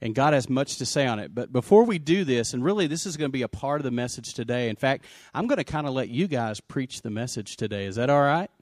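A man pastoring a church service, energetic and joking as he calls people up to share. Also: mid-range voice, fast, hardly any pauses, no room sound, studio quality. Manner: energetic, joking, shouts out to the congregation. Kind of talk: sermon.

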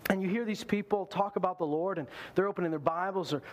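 A male pastor preaching a sermon in an animated way, acting out the voices he quotes. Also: sits high, fast talker, slight background noise.

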